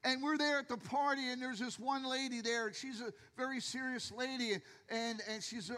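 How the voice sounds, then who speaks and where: An older man preaching from a church stage, his voice high and bright as he tells jokey stories and acts out other people's lines. The long reverb of a large hall trails behind every phrase. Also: fairly even intonation, brisk, hardly any pauses. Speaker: pastor. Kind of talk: sermon.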